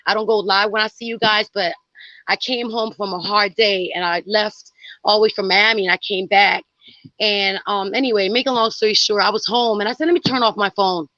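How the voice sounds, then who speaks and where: A hoarse woman from New Jersey with a Jersey accent, calling in to gush at length as a fan in casual chat. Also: medium pitch, steady tone, a little fast, bright, forceful tone, no echo, muffled recording. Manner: effusive, rambling fan talk. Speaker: caller.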